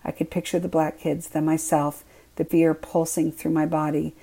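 Low gravelly woman reading a memoir. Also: little pitch movement, normal speed, warm tone, poor audio. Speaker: memoir author reading her own work. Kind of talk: first-person memoir reading.

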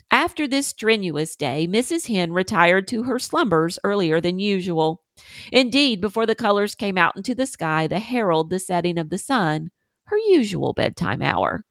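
A podcast host, a woman with a mid-range voice, reads a children's story aloud in a lively, sing-song style, her pitch rising and falling through every line. She takes her time, and the recording is close and dry with no room sound.

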